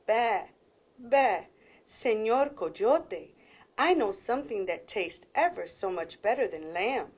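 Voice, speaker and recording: A woman voicing a clever little ewe lamb in a storybook, with a high bleating voice. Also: lively intonation, slow. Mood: coaxing.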